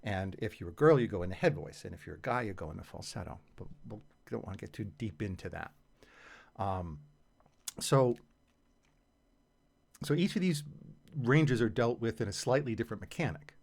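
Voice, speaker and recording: A man giving a voice lesson, talking through singing technique in a relaxed, patient way. His pitch moves around a lot as he speaks, and he sounds like he is chatting more than lecturing. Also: moderate pace, vocal fry, pauses often. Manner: conversational, explains patiently with casual fillers. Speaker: singing teacher. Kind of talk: explanatory voice lesson.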